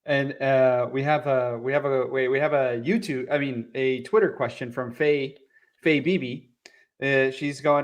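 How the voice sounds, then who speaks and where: A man's voice: medium pitch, fairly even intonation, unhurried. A man co-hosting a casual livestream chat, swearing freely and laughing often. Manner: loose and profane, laughs often. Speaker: co-host.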